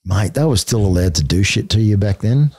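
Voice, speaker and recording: A middle-aged man with an Australian accent tells stories on a podcast in a blunt, swearing, laughing way. His voice sits on the low side and sounds dark and mellow. The close mic is dry, with no room sound. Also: animated, fairly quick, slightly rough, no echo. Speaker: podcast guest, army veteran. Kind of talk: casual interview storytelling.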